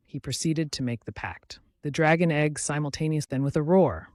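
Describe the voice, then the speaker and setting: A man's voice: on the high side, moderate pace, darkish tone, dry recording. Dry-voiced male recap narrator. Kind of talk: scripted story recap narration.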